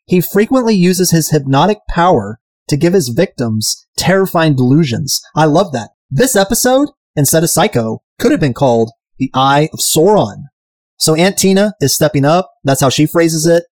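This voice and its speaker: A man's voice: a little high, big pitch swings, moderate pace, a little mellow, no room sound. A man hosting a podcast, recapping a TV episode in casual chat, irreverent and profane, sometimes mimicking characters. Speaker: podcast host.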